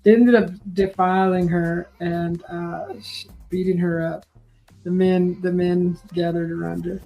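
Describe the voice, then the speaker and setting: A woman hosting a painting session, casually retelling a story in a halting way, with many restarts and fillers. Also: on the low side, level tone, muffled recording. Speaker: painting host.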